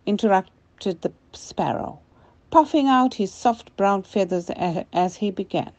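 An older woman narrates a children's storybook tale gently and slowly. Her voice is mellow and dark, and the recording is dull and lo-fi. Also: mid-range voice, expressive.

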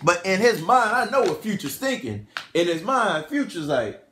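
A man tells a casual, rambling story and corrects himself as he goes. His voice is high and very lively, and the room gives it a noticeable echo. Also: normal speed, slight background noise. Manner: rambling, self-correcting, animated. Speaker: podcast host.

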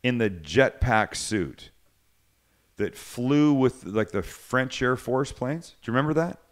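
A man's voice: medium pitch, animated, slow pace. A man hosting a cooking show's live cast, rambling through a story with restarts and acting out both sides of a phone call. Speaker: cooking show host. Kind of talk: casual live-cast chat.

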